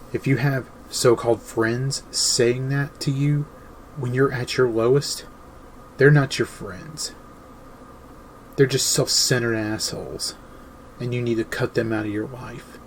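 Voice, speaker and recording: A man speaking slowly and deliberately at a middle pitch, delivering an earnest, emphatic advice monologue as host. Faint insect buzz sits in the background. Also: darkish tone, slight background noise, rough recording.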